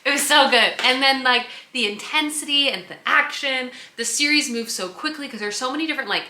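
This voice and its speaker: Chatty bright-voiced woman book vlogger. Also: high voice, fairly quick, reverberant. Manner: chatty and enthusiastic, many "like" fillers. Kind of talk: casual vlog chat. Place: home under construction, indoors.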